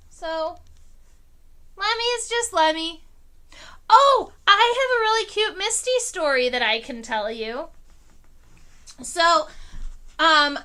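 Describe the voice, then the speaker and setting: A high, bright young woman chats to her livestream viewers from home. She tells stories loosely, with fillers and restarts. Her pitch jumps up when the story gets exciting. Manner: animated, pitch rising on exciting parts. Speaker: entomologist streamer. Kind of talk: casual livestream chat. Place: home living room.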